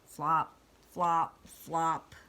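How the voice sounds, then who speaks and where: A woman's voice: low-pitched, flat delivery, very slow, bright, forceful tone, clear, resonant tone. A woman reading a picture book aloud to children, adding chatty asides and questions for her young listeners. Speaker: read-aloud storyteller.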